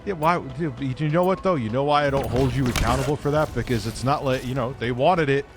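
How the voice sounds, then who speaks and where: A man hosting a casual stream, telling crude stories with blunt, animated delivery. His voice sits at an everyday middle pitch. Music plays clearly behind him. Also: fairly quick. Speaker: streamer and host. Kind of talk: casual profane storytelling.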